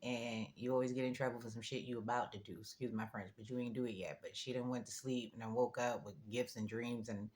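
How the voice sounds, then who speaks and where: This is a woman with a strikingly deep, low voice, giving a casual vlog monologue. She tells her story in a chatty way, with asides to the listener. Small laughs come up as she goes. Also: fairly even intonation, fast talker, hardly any pauses, darkish tone. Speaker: vlogger.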